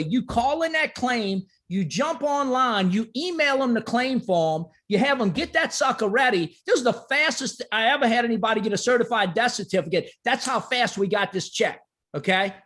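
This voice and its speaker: Speaking at an extremely high pitch, a male insurance agent tells an emotional story about a client, animated and emphatic, and keeps asking "right?" along the way.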